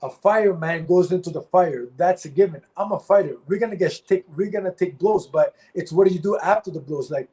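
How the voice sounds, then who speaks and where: Heated, profane former fighter. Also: male voice, high voice, a little fast, hardly any pauses, mellow, rough recording. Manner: heated, profane, repeats himself. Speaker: former pro fighter, guest. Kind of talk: candid interview talk.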